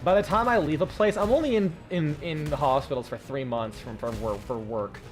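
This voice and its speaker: A man's voice: a little high, fairly quick, soft background music. A young man with a light Southern US accent, chatting casually while streaming a game, rambling, swearing and restarting his sentences. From American South. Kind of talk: casual gameplay commentary.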